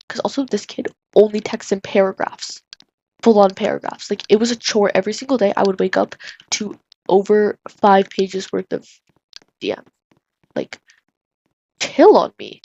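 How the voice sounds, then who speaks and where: A woman's voice: medium pitch, lively intonation, normal speed, darkish tone, husky. A woman telling a story casually to camera, rambling and chatty with constant "like" fillers. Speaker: vlogger. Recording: dull lo-fi audio with faint hiss.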